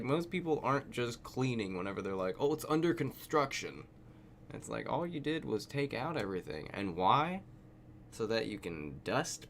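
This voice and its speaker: A man's voice: medium pitch, a bit bright, a little hiss or hum. A man streaming live, making sarcastic remarks and laughing while talking back at a video. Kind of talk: casual live-stream commentary.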